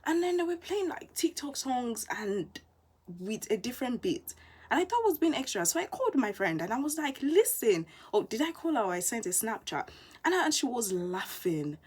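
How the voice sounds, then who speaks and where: A young woman, a university student telling stories in a casual vlog, animated and full of quoted asides. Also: fairly high pitch, fairly quick, breathy edge. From England. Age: young adult.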